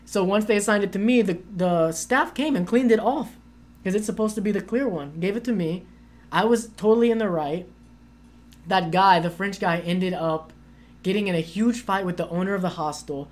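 Speaking at a normal speed with a medium-pitched voice, a woman co-hosts a casual chat. She tells a long, animated story full of fillers and plenty of "like", acting out the voices of the people she quotes.

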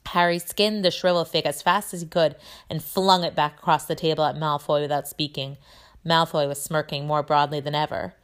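A woman teacher reading a chapter book aloud in a steady, measured way. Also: low voice.

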